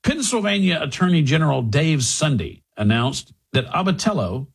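Gravelly middle-aged male talk host. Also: on the high side, very animated, moderate pace. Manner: rambling, conversational, with many restarts and asides. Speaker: radio talk show host. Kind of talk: casual monologue with listener talk.

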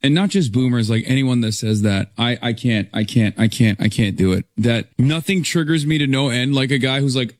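A man rants casually in an exasperated, mocking voice, swearing freely. His pitch is mid-range. The sound is dry and close. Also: normal speed, hardly any pauses, dry recording. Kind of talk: casual online commentary.

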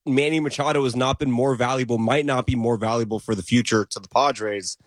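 Male radio co-host, mid-pitched, dry studio sound, rambling and jokey. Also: a little fast, no room sound. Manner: rambling, restarts often, jokey. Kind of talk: sports talk radio banter. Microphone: studio microphone.

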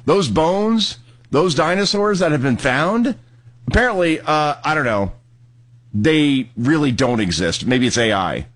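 A middle-aged man hosting a commentary show, sarcastic and mocking, who bursts into yelling. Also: on the high side. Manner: animated, mocking, yells in bursts. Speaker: host. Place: studio in New Jersey.

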